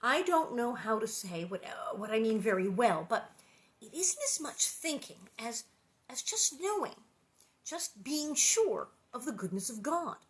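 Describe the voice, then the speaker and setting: A woman voicing an earnest, pious teenage girl in a storybook read-aloud, speaking softly and solemnly. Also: fairly high pitch, very animated, unhurried. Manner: soft, confessional, solemn.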